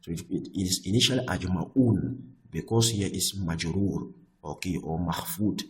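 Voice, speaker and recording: A man teaching Arabic grammar, often repeating himself and checking with "I hope that is clear.". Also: sits low, unhurried, a little mellow, low-quality recording. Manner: restarts and repeats words often. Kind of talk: explaining Arabic grammar on screen.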